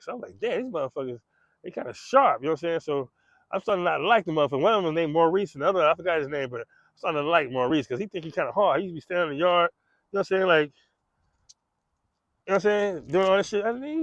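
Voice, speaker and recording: A man's voice: on the high side, lively intonation, very fast, fairly bright tone, no room sound, highs cut off. A man telling a true story in casual street style, slangy and profane, acting out gunshots and the voices of others.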